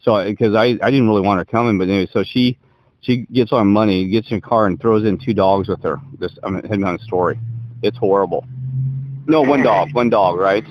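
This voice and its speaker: Fast-talking low-voiced man. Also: darkish tone. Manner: rambling, self-interrupting, emphatic. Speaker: podcast co-host. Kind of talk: casual chat, rambling storytelling. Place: Colorado.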